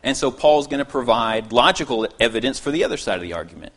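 Guy preaching a sermon, earnest, leans hard on key lines then goes quiet, mid-pitched voice. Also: lively intonation, fast talker. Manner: earnest, emphatic on key phrases, drops to quiet asides. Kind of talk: expository sermon.

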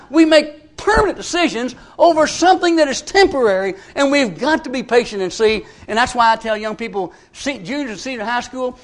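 Older male preacher, strikingly high voice, homespun earnest sermon delivery with stumbling restarts. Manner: folksy, earnest, repeats words when starting phrases.

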